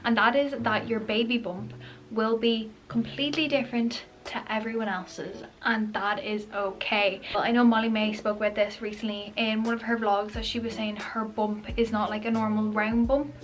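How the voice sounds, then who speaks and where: A woman's voice: on the high side, level tone, moderate pace. A young woman, heavily pregnant and a little breathless, chatting casually and emphatically to camera as a vlogger.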